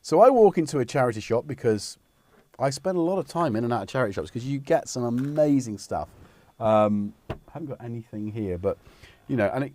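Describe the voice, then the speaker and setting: A man's voice: medium pitch, animated, a little fast, darkish tone. A middle-aged man hosting a livestream, rambling in casual chat and breaking off mid-sentence. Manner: chatty, meandering, self-interrupting. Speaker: livestream host. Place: home studio.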